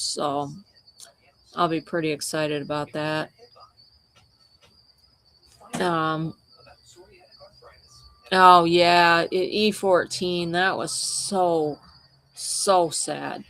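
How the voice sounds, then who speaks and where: A woman's voice: lowish voice, creaky. A woman wildlife photographer chatting casually with livestream viewers, telling meandering, conversational stories.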